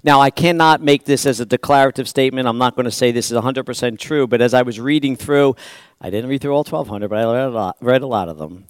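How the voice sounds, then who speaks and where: A man's voice: medium pitch, fast, clean tone, no room sound. A man pastor preaching a sermon in a church, talking in a conversational, rambling way with restarts and repeated words.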